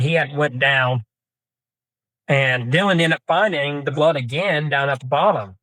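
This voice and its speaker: Here a young podcast guest from Kansas, a deer hunter, tells a drawn-out hunting story, meandering in a homespun way and often stopping to start over or fill space. His pitch is medium and a touch bright. It's a dry recording of a casual storytelling interview.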